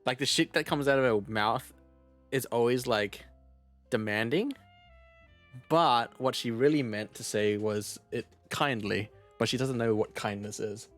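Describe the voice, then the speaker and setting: A man's voice: mid-range voice, a little slow, a bit bright, soft background music. Laughing, swearing Australian man. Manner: laughs often, swears casually, rambling. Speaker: streamer. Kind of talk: casual livestream gaming chat.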